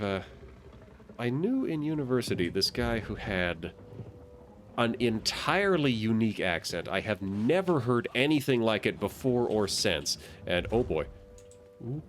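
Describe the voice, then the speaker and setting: A man's voice: mid-range voice, a little hiss or hum. A male streamer giving casual, chatty gameplay commentary, musing and wry as he plays.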